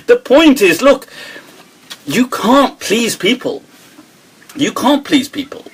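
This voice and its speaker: A man hosting a live Q&A, talking in an animated way, quoting others and laughing often. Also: very high-pitched, extremely slow, breathy edge, poor audio. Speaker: host. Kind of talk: live Q&A talk. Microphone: webcam or phone on a live stream.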